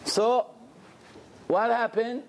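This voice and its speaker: Male rabbi lecturing, fairly high voice, animated storyteller, light room ambience. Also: very slow, gravelly, slight background noise. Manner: animated, addresses the audience with questions. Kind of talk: storytelling sermon. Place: lecture room with audience, indoors.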